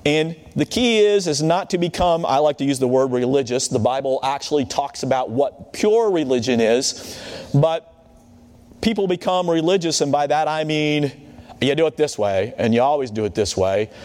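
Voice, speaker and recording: With lively intonation and a slightly high, a little mellow voice, a man delivers a sermon at a moderate pace. He keeps it conversational, regularly checking in with listeners, and the sound has long hall reverb.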